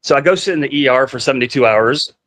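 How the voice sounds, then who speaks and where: A man tells a long story in casual conversation, circling back with fillers and acting out quoted lines. His voice sits at a middle pitch. The sound is dry, with no room echo. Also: fast talker, fairly bright tone. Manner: rambling, heavy on "like" fillers, acts out quoted dialogue.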